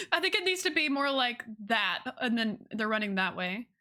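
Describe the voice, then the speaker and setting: A woman's voice: a little high, bright, forceful tone. A woman streamer chatting casually with her viewers, bubbly and giggly. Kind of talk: casual chat with viewers while drawing.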